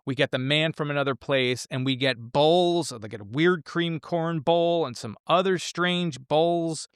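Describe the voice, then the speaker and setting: Smooth-voiced man chatting about a film. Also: on the high side, no echo, clean studio sound. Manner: enthusiastic, rambling, quick restarts. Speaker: podcast co-host. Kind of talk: casual film discussion.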